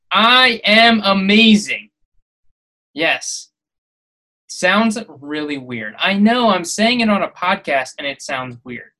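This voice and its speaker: A man's voice: high voice, a bit bright, poor audio. A man hosting a podcast, delivering a preachy motivational monologue that builds to emphatic, exhorting peaks. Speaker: podcast host.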